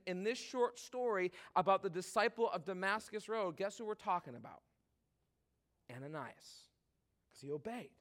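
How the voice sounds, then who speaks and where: A man in his thirties preaching a sermon in a casual, animated way, full of "like" and asides to the congregation. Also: high-pitched. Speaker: pastor.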